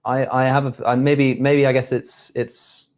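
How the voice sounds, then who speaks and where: A man's voice: mid-range voice, flat delivery, a little slow. A man arguing in a panel discussion, stammering and repeating words as he makes his point. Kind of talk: casual debate.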